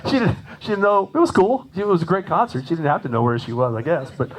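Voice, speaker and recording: A man giving a lively, chatty clinic talk to a conference audience as a jazz drummer, laughing often and acting out quoted voices. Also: on the high side, quick pace, a crowd in the background, rough recording.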